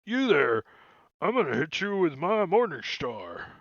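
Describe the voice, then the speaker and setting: A man's voice: on the high side, sing-song, a little slow, a bit bright, no room sound, dull audio, voice pushed up, full character voice. A man voicing a brash male bugbear warrior who threatens a foe with his morning star, his voice raised and pushy. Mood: threatening. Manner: blustering, threatening.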